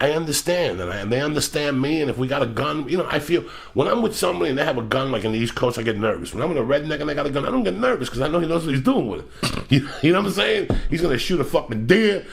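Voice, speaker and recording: A middle-aged man hosting a podcast, telling rambling, profane stories in a loud, animated way. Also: a little high, fast, creaky. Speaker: podcast host. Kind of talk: casual podcast chat.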